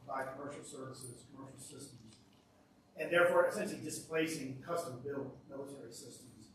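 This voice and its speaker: A man's voice: medium pitch, fairly quick, fairly bright tone. A man in the audience asking a panel a question, a bit hesitant. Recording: echoey hall, heard from far off, faint noise.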